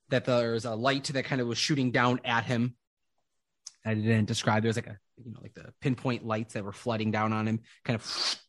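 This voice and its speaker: A man narrating a tabletop game as game master, describing scenes slowly with lots of fillers. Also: medium pitch, fairly bright tone. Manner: slow, descriptive, rambling with fillers.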